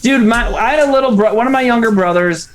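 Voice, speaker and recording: A man co-hosting a casual livestream chat over a video call, animated and joking, swearing freely. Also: very high voice, quick pace. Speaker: podcast co-host.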